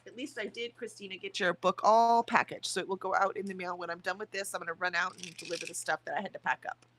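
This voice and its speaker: A woman hosting a morning writing livestream, chatting casually and reading viewer comments aloud, her voice rough from the early hour. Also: mid-range voice, steady tone, fast talker, fairly bright tone, slight background noise. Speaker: streamer hosting writing sprints.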